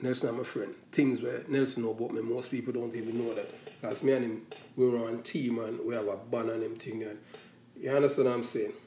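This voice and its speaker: A man's voice: medium pitch, steady tone, brisk, dark tone, a little hiss or hum. Jamaican man rambling in patois, echoey room. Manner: rambling, mixes patois with standard English. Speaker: commentator. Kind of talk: casual opinion monologue.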